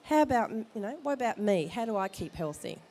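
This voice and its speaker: At an expo hall, a midwife with a cold gives an informal talk to expectant parents at a baby expo, offering jokey, direct advice. Her voice is on the high side and mellow, with lively intonation and a quick pace.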